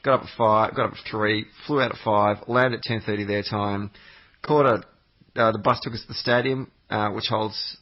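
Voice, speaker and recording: A man's voice: on the low side, steady tone, moderate pace. A man telling a meandering, sweary travel story on a podcast, with lots of fillers and restarts. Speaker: podcast regular. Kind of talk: rambling anecdotal chat. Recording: muffled lo-fi podcast audio.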